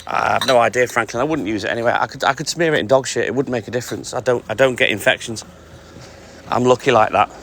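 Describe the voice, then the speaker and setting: A man's voice: mid-range voice, fast talker, noisy background. A man hosting a casual live stream, chatty and joking while greeting viewers by name. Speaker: livestream host. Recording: music playing clearly behind. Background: music.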